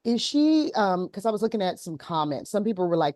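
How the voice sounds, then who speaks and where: A woman's voice: medium pitch, very animated, fairly quick, hardly any pauses, darkish tone, no echo, clean studio sound. A woman hosting a casual talk show, retelling a viral video with many ums. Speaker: host. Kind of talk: casual chat.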